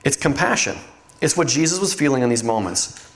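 A man's voice: medium pitch, expressive, brisk. A middle-aged man preaching a sermon in an earnest, conversational way, with frequent fillers and restarts. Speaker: pastor.

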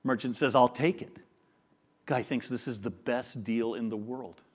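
A man's voice: medium pitch, moderate pace. A man preaching a sermon, explaining a parable and acting out the dialogue of a modern retelling. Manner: animated storyteller acting out dialogue. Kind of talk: sermon with storytelling.

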